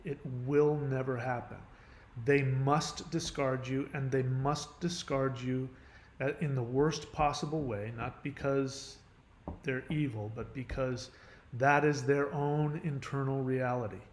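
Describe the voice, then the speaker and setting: Middle-aged male host, rambling casual monologue with mid pitch, restarts his sentences. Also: fairly even intonation, measured pace, reverberant, a little hiss or hum. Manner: rambling, restarts often, many "you know"s. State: has a headache. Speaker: channel host giving advice.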